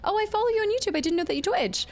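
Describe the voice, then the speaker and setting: A woman livestreamer chatting casually while playing a game, gushing and excitable, thanking viewers by name. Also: very high-pitched, rapid-fire. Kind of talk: casual game stream chat.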